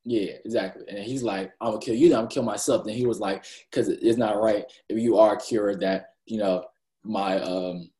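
A man's voice: lowish voice, fairly even intonation, moderate pace, warm tone. A man co-hosting a casual chat, rambling as he retells scenes and acts out characters' lines. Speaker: podcast co-host. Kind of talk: casual chat recapping an anime. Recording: echoey room.

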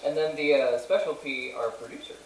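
A man's voice: medium pitch, fairly quick, distant mic, crowd noise. A man co-hosting a live comedy show, riffing crude jokes in a playful way. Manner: joking, riffing, playful mock voices. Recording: echoey room, off-mic.

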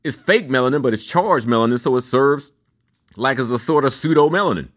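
A man in his fifties delivering a loose, profane, rambling solo rant, his pitch swinging up and down as he goes. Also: expressive, brisk, fairly bright tone. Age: 50s. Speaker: vlogger.

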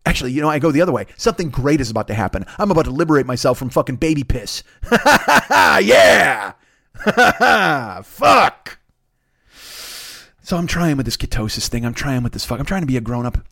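A man's voice: medium pitch, racing, hardly any pauses, dry recording, studio quality. A man hosting a podcast, telling a rambling, profane, self-mocking story in casual chat, with bursts of laughter. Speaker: podcast host. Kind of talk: casual comedic monologue.

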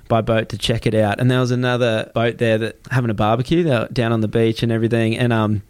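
A man's voice: medium pitch, fast talker, clear, resonant tone. A young adult man, hosting a casual chat and acting out quotes as he tells stories. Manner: animated storyteller who acts out quotes.

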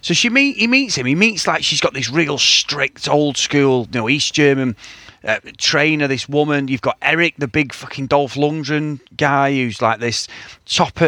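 A man's voice: a little high, normal speed, pushed and bright, no echo. A man co-hosting a casual film review podcast, swearing freely and laughing as he retells scenes. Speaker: podcast co-host.

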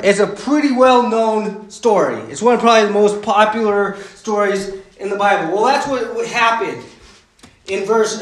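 A man's voice: sits high, echoey room, low-quality recording. A man preaching a sermon in a conversational way, full of fillers and "right?" asides. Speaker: pastor.

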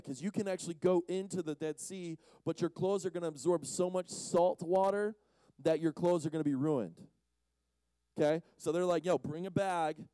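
A man's voice: high-pitched, mellow, clear, resonant tone, no echo. A man giving a casual, joking sermon to a young audience as a conference speaker, teasing the crowd as he goes. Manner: playful, teases the audience.

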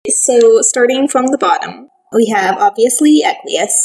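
A woman's voice: a little high, expressive, unhurried, creaky, darkish tone, poor audio. A woman co-hosting a casual podcast, chatting and bantering playfully with frequent laughs. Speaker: podcast co-host.

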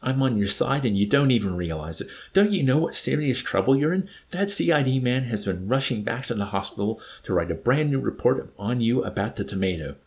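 A man's voice: mid-range voice, animated, a little fast, hardly any pauses, voice pushed up, lightly acted. A man reading as an indignant scheming corporal. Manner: indignant, insistent, raised voice.

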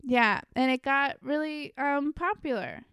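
A woman's voice: high voice, unhurried, a bit bright, no room sound, studio quality. A young woman chatting casually as a podcast co-host, telling stories with lots of "like" and "um". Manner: chatty storytelling with many likes and ums. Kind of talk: casual chat.

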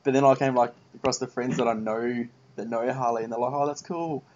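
A man's voice: mid-range voice, little pitch movement, fast talker, a little mellow. A man hosting a podcast, talking earnestly and rambling a little in casual chat. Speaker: podcast host. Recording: dull muffled podcast audio.

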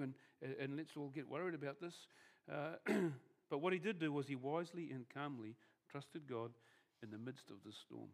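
A male pastor preaches conversationally in a somewhat high voice, moving at a moderate pace with few pauses. He repeatedly restarts phrases, and the ends of his thoughts tend to soften and trail away.

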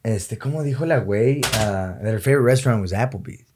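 A man's voice: fairly low pitch, fast, noisy background. A man co-hosting a podcast, joking casually and slipping in Spanish phrases. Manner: joking, slips Spanish phrases into his talk. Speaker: podcast co-host. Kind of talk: casual chat.

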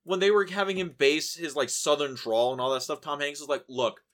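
A man's voice: on the high side, brisk, fairly bright tone. A man hosting a podcast, talking about a film in a casual, rambling way with lots of fillers and swearing. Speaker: podcast host.

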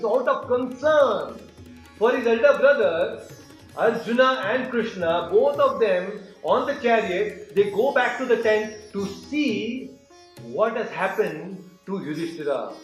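A man retelling an epic tale in an animated storytelling style, asking his listeners questions. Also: high-pitched, slow pace. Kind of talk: mythology storytelling. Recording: echoey room with soft music.

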